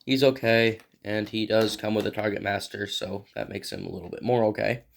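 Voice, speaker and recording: A man casually reviewing an action figure, rambling and thinking aloud as he handles it, often clearing his throat. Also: on the low side, steady tone, brisk, a little hiss or hum. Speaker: toy reviewer. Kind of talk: casual toy review vlog.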